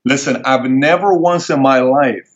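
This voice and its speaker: A man's voice: mid-range voice, a little slow. A man from Iran telling personal stories as an interview guest, intense and emphatic. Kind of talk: emotional personal storytelling. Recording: dull lo-fi sound.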